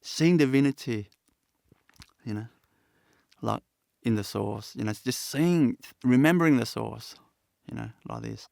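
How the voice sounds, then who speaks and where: A man giving a satsang talk as a spiritual teacher, speaking in a halting, reflective and earnest way with many pauses and restarts. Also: mid-range voice, gravelly, a little mellow, dry recording, studio quality.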